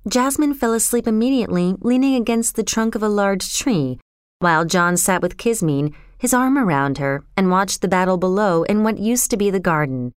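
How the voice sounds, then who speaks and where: A woman narrating a novel chapter in a measured, even storytelling manner. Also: mid-range voice, clean tone, no echo, clean studio sound. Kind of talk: audiobook narration.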